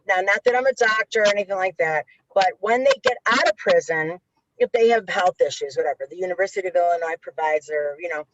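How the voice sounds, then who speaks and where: A violence interrupter appearing as a guest, this middle-aged woman tells animated stories in an interview, swearing freely and acting out the voices of people she quotes. She speaks in a mid-range voice. The recording is dry and the audio dull.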